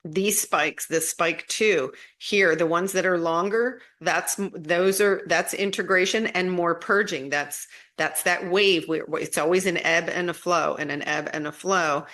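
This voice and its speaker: A woman casually teaching about spiritual energy and healing, chatty and relaxed, often repeating herself and restarting sentences. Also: lowish voice, a little slow, few pauses.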